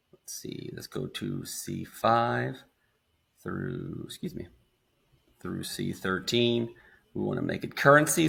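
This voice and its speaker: A man with an American accent casually talking students through a screen-recorded software tutorial step by step. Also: lowish voice, gravelly. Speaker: instructor.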